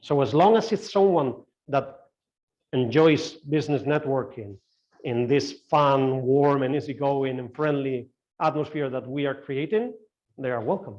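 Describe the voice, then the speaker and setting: A man's voice: mid-range voice, unhurried, a little mellow, dull audio. A man leading an online meeting, answering member questions with many restarts and fillers over a video call. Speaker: club CEO answering questions.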